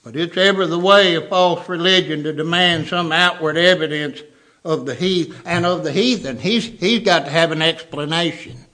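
A man's voice: on the high side, moderate pace, sharp tone. A man preaching a sermon, emphatic, repeating words for stress.

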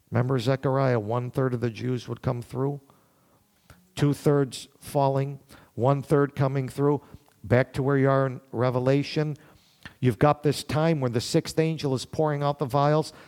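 A man with a mid-range, slightly mellow voice leads a verse-by-verse Bible study for listeners in a room. He keeps it conversational, thinking out loud and posing questions to the group.

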